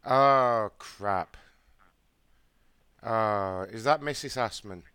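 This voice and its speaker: Smooth-voiced man making prank calls. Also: on the low side, extremely slow, bright, forceful tone, no echo. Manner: teasing, crude and swearing. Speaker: prank caller host. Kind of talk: prank phone call.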